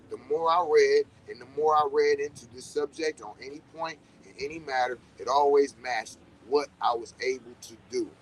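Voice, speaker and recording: A man talks in a loose, rambling way and swears casually. He acts out little reactions as he goes, at a medium pitch. Faint traffic and street noise sit in the background. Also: poor audio. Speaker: podcast host. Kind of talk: casual spiritual talk.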